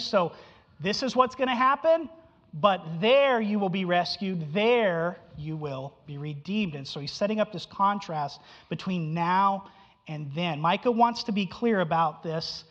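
A man's voice: high voice, a bit bright. A male preacher teaches emphatically, repeating his key phrases and asking his listeners questions. His voice carries a long echo through a hall. The recording is dull and muffled. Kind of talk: expository sermon.

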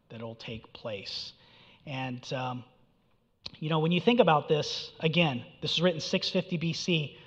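A man preaching an expository sermon in a conversational, animated way, his voice swinging from loud mock challenges to quiet low remarks. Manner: animated, conversational, mocking voice for quoted prophecy. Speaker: pastor. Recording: dull sound with long hall reverb.

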